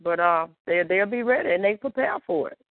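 A woman giving a rambling church testimony, halting with fillers and restarts and breaking into praise to God. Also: mid-range voice, lively intonation, dry recording, phone-quality sound.

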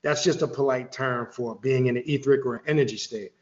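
A man's voice: mid-range voice, fairly even intonation, brisk, echoey room, muffled recording. A man explaining occult ideas in casual talk, rambling with restarts and the odd curse word. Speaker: occult author guest.

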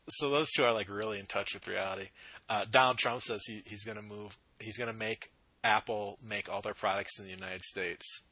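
A man hosting a casual podcast, wry and quick to laugh, running through stats and opinions. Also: on the low side, steady tone, bright, forceful tone, breathy edge. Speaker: podcast host. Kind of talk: casual sports and politics chat. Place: home with dogs.

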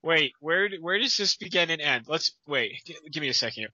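A man's voice: fairly high pitch, expressive, a little fast, sharp tone, no echo, highs cut off. A man co-hosting a comedic fan-story reading, riffing on the text in a sarcastic, incredulous way.

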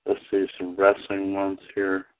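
A man hosting a casual wrestling podcast, talking haltingly with lots of fillers and easy laughs. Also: low voice, completely flat delivery. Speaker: podcast host. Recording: tinny phone-line sound.

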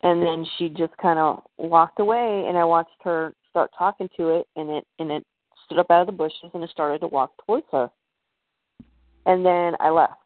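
A woman's voice: on the low side, steady tone, moderate pace, no echo. A woman as a podcast guest, telling a personal story in a hesitant way, full of fillers and restarts. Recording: tinny phone-like line.

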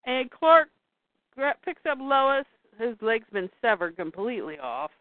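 A woman's voice: fairly high pitch, a little slow, no room sound. A woman host animatedly recapping a comic and reading parts aloud in a casual chat. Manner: animated, exclaims at scenes. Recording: dry, tinny phone-like sound.

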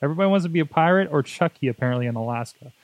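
A tech podcast co-host speaks very fast in a somewhat high, animated voice, with no echo. He chats casually and rambles, full of fillers and jokes.

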